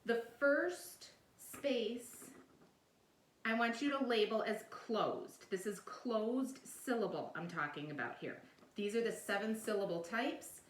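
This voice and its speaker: A woman teacher with a highish, expressive voice speaks slowly in a recorded video lesson, patiently explaining step by step and often asking "all right?". She's far from the mic in an echoey room, with slight background noise.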